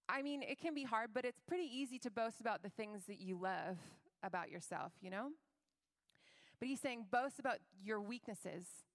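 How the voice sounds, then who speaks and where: A young adult woman giving a conversational, earnest sermon about faith, with filler words and lively acted-out quotes. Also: medium pitch, dry recording, studio quality. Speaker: Christian speaker.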